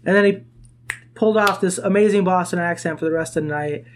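A relaxed man hosting a casual podcast, moving easily between banter and quick sponsor plugs. His voice sits a bit higher than most men's, and he laughs along easily. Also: a little hiss or hum. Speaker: podcast host. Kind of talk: casual chat.

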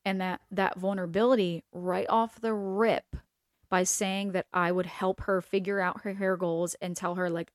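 A young adult woman hosts a casual advice talk as a hair stylist. She is blunt, candid and profane. Her voice sits a little low, and the recording is dry with no room sound. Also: steady tone, moderate pace, no echo. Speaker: podcast host and hair stylist.

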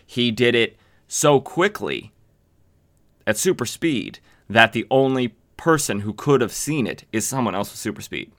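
A man's voice: mid-range voice, lively intonation, unhurried, fairly bright tone. A man hosting a podcast, casually recapping a comic book with lots of fillers and self-corrections. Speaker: podcast host.

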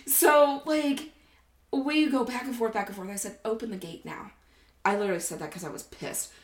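Her voice is a little high and fairly quick as she co-hosts a podcast, telling a story in an easygoing chat. She swears without restraint, plays out all the quoted dialogue, and stays animated throughout, with an echoey room around her.

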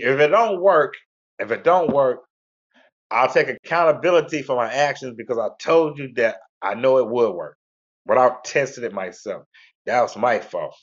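A man hosting a talk radio show, rambling in a laid-back, repetitive way. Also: mid-range voice. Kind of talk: casual monologue. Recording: lo-fi internet radio audio.

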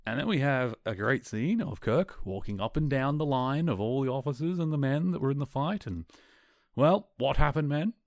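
A man hosting a podcast, retelling a story in a casual, animated way and chuckling along. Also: mid-range voice, a little fast, few pauses, dry recording, studio quality. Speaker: podcast host. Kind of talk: casual episode recap.

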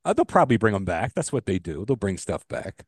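Lively-voiced man telling stories on a podcast. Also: lowish voice, fairly quick, breathy edge, no echo, studio quality. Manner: loose storyteller, joke-telling, swears casually. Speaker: podcast co-host. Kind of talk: casual chat.

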